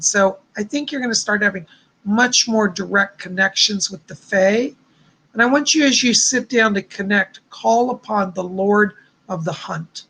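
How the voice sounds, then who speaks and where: This is a man running a live psychic reading session, warmly relaying messages to viewers one after another. His voice carries a gravelly crackle and a breathy, husky texture. He talks in an effusive, rambling way, full of thanks and blessings. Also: high-pitched. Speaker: psychic host.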